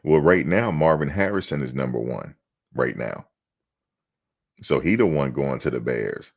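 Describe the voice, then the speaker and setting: A man with an extremely low, gravelly voice hosts a loose sports talk show. He riffs and jokes, slipping into mock quotes as he talks. His delivery is casual and animated. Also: a little slow.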